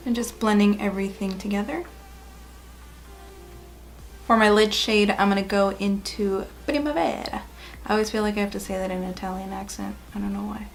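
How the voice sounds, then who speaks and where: Upbeat woman beauty vlogger with a creaky, fry-edged voice, chatting viewers through a tutorial. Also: medium pitch, level tone, brisk, long pauses. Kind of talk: casual makeup tutorial narration.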